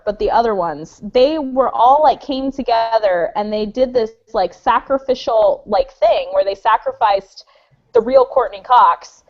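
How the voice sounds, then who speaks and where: A woman on a comedy panel game, rambling through an improvised answer with many fillers. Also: fairly high pitch. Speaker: panel contestant. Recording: muffled lo-fi recording.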